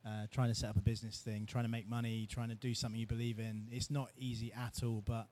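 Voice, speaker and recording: A man's voice: medium pitch, flat delivery, fast, a little mellow. A man giving a short, encouraging talk at an event. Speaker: event speaker.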